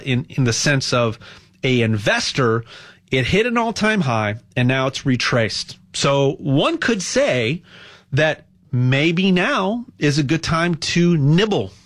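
A man hosting a show, talking in a rambling, impassioned monologue with a sales pitch and lots of stammered restarts. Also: fairly bright tone. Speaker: radio show host.

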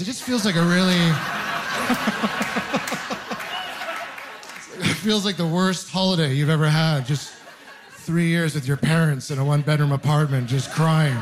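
A man in his thirties doing a stand-up set, telling self-deprecating stories and talking straight to the crowd. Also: fairly high pitch. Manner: self-deprecating storytelling, animated asides to the audience. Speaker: stand-up comedian. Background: audience laughter.

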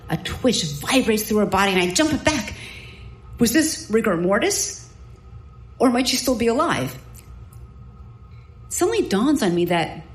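A woman doctor telling a personal story in a lively, self-mocking, vivid way. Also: medium pitch, reverberant, rough recording. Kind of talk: live storytelling.

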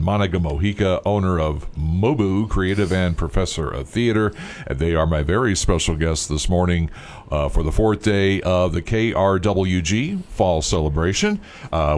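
Male radio host, deep voice, casual pledge-drive patter. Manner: rambling, filler-heavy.

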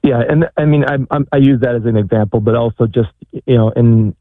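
A man's voice: medium pitch, fairly quick, no room sound. A man calling in with a question, speaking hesitantly and searching for words. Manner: hesitant, many fillers and restarts. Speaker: caller. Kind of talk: call-in question. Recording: tinny phone line.

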